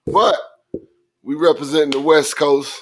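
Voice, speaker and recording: A man co-hosting a casual sports podcast, his voice hoarse and raspy from shouting, talking laid-back and filling gaps with "you know what I'm saying". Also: a little high, flat delivery, a little slow. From Phoenix area. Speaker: podcast co-host.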